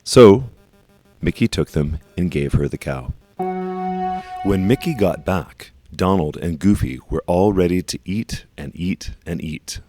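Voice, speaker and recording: A man reading a children's storybook aloud, leaning slowly and emphatically on repeated phrases. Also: sits low, dark tone, soft background music.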